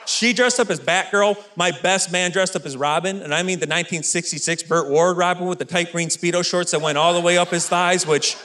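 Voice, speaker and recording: A man's voice: high voice, fairly quick, hardly any pauses. Upbeat stand-up comic man on stage. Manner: energetic, self-deprecating storytelling. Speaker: stand-up comedian. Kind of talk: stand-up comedy routine. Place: comedy stage with live audience. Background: faint audience laughter and room noise.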